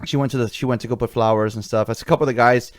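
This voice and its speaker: A man's voice: mid-range voice, fairly even intonation, racing, dry recording, clean studio sound. A man hosting a podcast, telling rambling anecdotes in casual chat and acting out quoted dialogue with energy. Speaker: podcast host.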